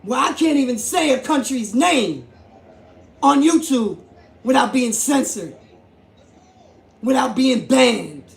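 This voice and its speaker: A man with a high, gravelly voice delivers a heated commentary vlog. He hammers his points by repeating himself and raising his voice. The sound is roomy and echoing. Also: animated, slow, long pauses. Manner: emphatic, repetitive, rising to shouts. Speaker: YouTube host. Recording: echoey room.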